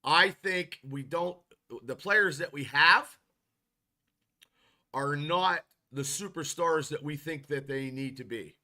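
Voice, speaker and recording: A man's voice: on the high side, slow, bright, forceful tone. A man hosting a casual football podcast, rambling and frustrated, with many restarts as he reads chat comments. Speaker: podcast host.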